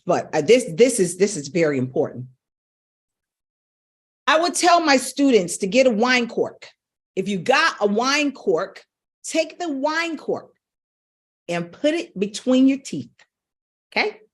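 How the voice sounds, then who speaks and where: A middle-aged woman coaches her viewers through a live-streamed voice lesson. Her pitch swings lively up and down as she demonstrates and explains. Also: breathy edge. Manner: animated, coaching directly to viewers. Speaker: vocal coach.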